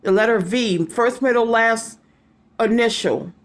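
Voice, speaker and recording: A woman's voice: on the high side, a little slow. A woman giving a casual psychic reading to her viewers, rambling and repeating names and letters aloud as she goes. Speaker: psychic reader.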